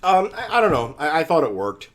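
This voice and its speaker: A man co-hosting a podcast, telling what happened in loose casual chat. His pitch swings widely and he strings thoughts together with fillers and an offhand swear. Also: fairly quick. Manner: animated storyteller, trailing fillers, casual swearing. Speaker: podcast co-host.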